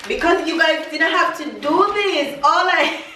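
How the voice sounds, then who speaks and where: A woman vlogging as she unboxes a gift package with her child, speaking gently and sounding emotional, between teary and laughing. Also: very high-pitched, lively intonation, a little slow, heavy reverb, distant mic. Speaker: vlogger, mother. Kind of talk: casual family vlog, unboxing a package.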